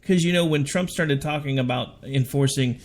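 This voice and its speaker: A man's voice: mid-range voice, normal speed. Sarcastic, opinionated talk-radio man. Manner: sarcastic, argumentative. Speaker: radio show co-host. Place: radio studio.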